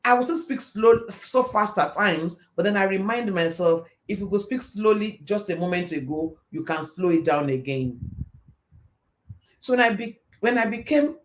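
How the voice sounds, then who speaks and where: A middle-aged man hosting a live stream and giving a motivational faith talk, telling stories in a fast, animated way. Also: sits high. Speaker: host.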